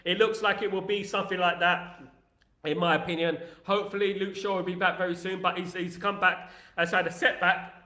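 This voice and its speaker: Excitable man, bright and echoey. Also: high-pitched, a little fast. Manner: rambling, jokey, excitable banter. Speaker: host. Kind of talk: casual chat.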